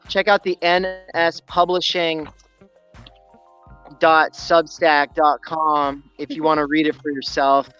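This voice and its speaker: A man with a slightly higher voice talks loosely and hurriedly, full of fillers. His sound is dull and lo-fi, with faint music in the background. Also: a bit bright, smooth. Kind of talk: casual chat.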